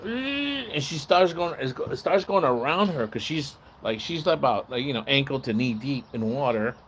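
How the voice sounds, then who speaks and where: A man with a middle-pitched voice chats casually on a live stream and spins a story with plenty of swearing. He rambles and backtracks, and he acts out the yells and voices of the people he describes. A faint hiss sits under his voice. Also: lively intonation, normal speed.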